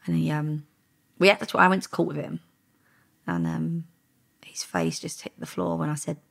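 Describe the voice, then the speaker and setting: A woman who once worked as an undercover officer tells her story in an interview, speaking frankly and without softening anything. Her voice is low, husky, and gravelly, with fairly even intonation, normal speed, and a fairly bright tone.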